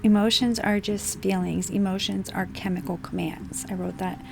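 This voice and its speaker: A woman giving an emphatic, unscripted spiritual monologue, stressing points with swearing and slow, deliberate phrasing. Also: mid-range voice, steady tone, creaky, a little mellow, a little hiss or hum. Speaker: spiritual channel host.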